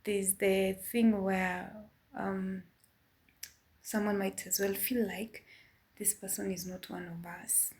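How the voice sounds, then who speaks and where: A woman with a Kenyan accent giving a careful opinion in a casual vlog, measured and a bit apologetic. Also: mid-range voice, steady tone, darkish tone, slight background noise. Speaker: vlogger.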